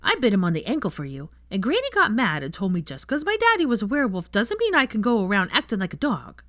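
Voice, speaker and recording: A woman voicing an eager, chatty six-year-old boy in an audiobook reading, with gushing, rushed questions. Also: medium pitch, wildly swooping pitch, no room sound, clean studio sound, voice pushed up. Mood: earnest. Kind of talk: audiobook character voice.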